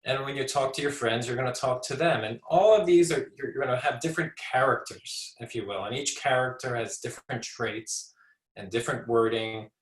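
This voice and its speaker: A man's voice: mid-range voice, a little fast, echoey room, poor audio. A man in his forties, a speech pathologist, giving an informal educational talk in a conversational way, often restarting his words. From United States. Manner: conversational, repeats and restarts words, acts out short examples.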